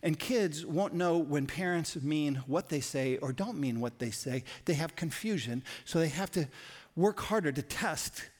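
A man's voice: fairly high pitch, unhurried, breathy edge. Man preaching in a conversational sermon. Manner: conversational, repeats key lines for emphasis; animated storytelling with sudden bursts of loudness. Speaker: pastor.

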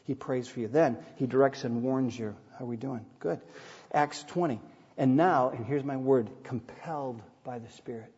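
Mellow-voiced male pastor preaching in a reverberant church. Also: mid-range voice, normal speed, breathy edge. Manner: earnest storytelling preacher, reads scripture aloud, light humor. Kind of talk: sermon. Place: church sanctuary. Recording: dull sound with long hall reverb.

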